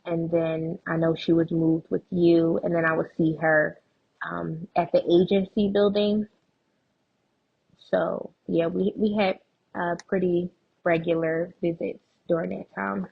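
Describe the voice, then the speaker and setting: A woman's voice: on the low side, little pitch movement, a little slow, creaky, slightly rough, lo-fi sound. A woman guest in an interview, earnestly recounting personal experiences, restarting her sentences as she goes. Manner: earnest, tells anecdotes with frequent restarts. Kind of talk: emotional personal storytelling in conversation.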